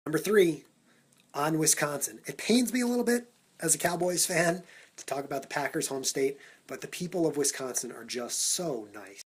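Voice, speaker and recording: A man vlogging for social media, talking in an energetic, punchy countdown style into a phone held at arm's length. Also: fairly high pitch, normal speed, husky. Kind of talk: upbeat Snapchat vlog talk.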